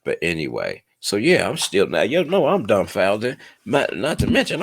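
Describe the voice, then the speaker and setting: Deep-voiced young man telling a story. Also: wildly swooping pitch, normal speed, gravelly, breathy edge. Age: 20s. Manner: laid-back, swears a lot, keeps asking "you know what I'm saying". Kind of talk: casual storytelling.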